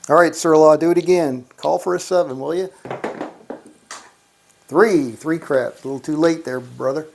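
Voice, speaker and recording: A man's voice: on the high side, normal speed, creaky, a little mellow, slight background noise. A man giving casual running commentary while he plays, calling out each dice roll and muttering mild curses. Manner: calls out dice rolls, mutters mild cursing. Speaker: gambling vlogger. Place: casino electronic craps machine.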